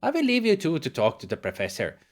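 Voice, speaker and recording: A man voicing an elderly female housekeeper, kindly and fussy, with a put-on German accent and a high fluttery voice. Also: wildly swooping pitch, fast, heavily acted.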